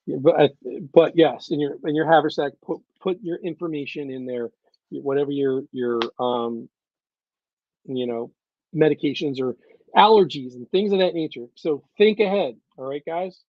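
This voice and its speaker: A man's voice: on the high side, no room sound, lo-fi sound. Earnest man giving a livestream briefing. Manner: earnest, repetitive, coaching tone with frequent "okay?" and "all right, guys". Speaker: event organizer addressing reenactors.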